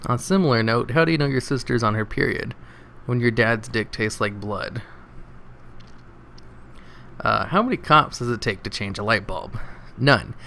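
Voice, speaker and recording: A man reads a list of jokes aloud in a casual home-video way, his voice bright and pushing forward. He often breaks off to laugh or comment on what he just read. A faint hiss of noise sits under the recording. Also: medium pitch, moderate pace, creaky, pauses often. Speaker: reader of online posts. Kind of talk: reading jokes aloud with asides.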